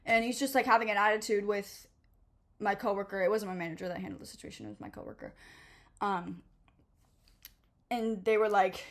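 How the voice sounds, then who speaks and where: A woman's voice: mid-range voice, a little fast, pauses often. A young woman telling a storytime vlog in a casual, profane, sarcastic rant, full of "like" and "um". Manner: profane, animated and sarcastic, lots of fillers like "like" and "um". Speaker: vlogger.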